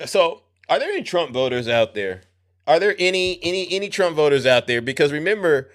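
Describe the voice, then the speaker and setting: A man hosting a live political commentary stream, talking in a mocking, emphatic way and answering clips with quick interjections. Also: on the high side, lively intonation, fairly bright tone. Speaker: host.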